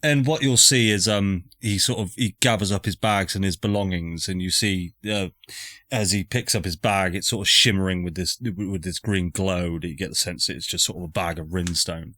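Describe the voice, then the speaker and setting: A low-voiced man narrates as game master in a loose, hesitant way with plenty of fillers. His tone is bright and forceful, and the recording is dry with no room sound. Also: moderate pace, dry recording. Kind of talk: narrating a live tabletop game.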